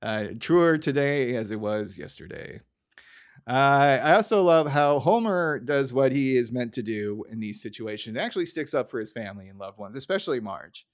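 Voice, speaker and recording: A man's voice: medium pitch, lively intonation, normal speed, clear, resonant tone. Man hosting a casual podcast chat. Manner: recaps scenes, acting out quotes. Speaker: podcast host.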